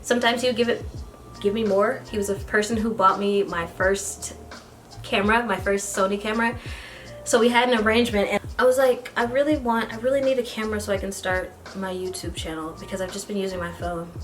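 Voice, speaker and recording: A woman's voice: medium pitch, fairly quick, soft background music. Chatty young woman telling a story. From United States. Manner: chatty, animated storytelling with bursts of excited squealing. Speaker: beauty vlogger. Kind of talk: get-ready-with-me storytime.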